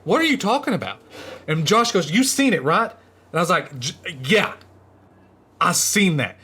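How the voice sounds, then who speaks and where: A man's voice: a little high, a little slow, slightly rough. A man telling a true scary story in a casual, rambling way, his voice rising and dropping for suspense. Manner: animated, rambling, voice rises and drops with suspense.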